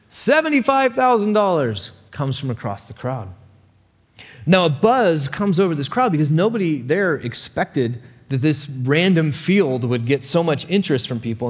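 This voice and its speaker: A man preaching a sermon, telling a story in an animated, conversational way. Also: on the high side, moderate pace, big-room sound. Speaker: pastor.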